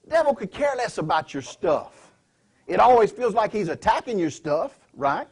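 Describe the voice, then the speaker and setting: A man preaches in a church, pressing his points and throwing questions at the congregation. His voice sits high for a man and has a husky edge. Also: sing-song, moderate pace. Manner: emphatic, asks the congregation questions. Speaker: pastor. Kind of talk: sermon. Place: church sanctuary.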